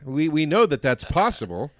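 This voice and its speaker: A man's voice: a little high, sing-song, normal speed, no room sound. A man co-hosting a comedy podcast, riffing with crude wisecracks. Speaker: podcast co-host.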